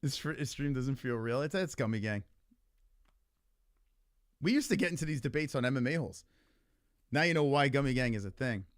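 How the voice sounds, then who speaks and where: A man talks through a livestream in casual, argumentative chat, his pitch swinging up and down a lot. He rambles, swears freely and leans on filler words. His voice is dry and close, with no room sound. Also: lively intonation, brisk, long pauses, dry recording. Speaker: livestream host.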